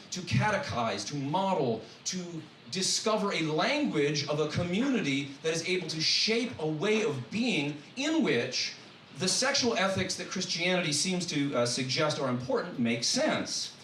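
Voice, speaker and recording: A man, a guest speaker and college professor, giving a humorous sermon-style talk in a church, animated and full of joking asides. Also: a little high. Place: church hall. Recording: echoey hall from far off, faint noise.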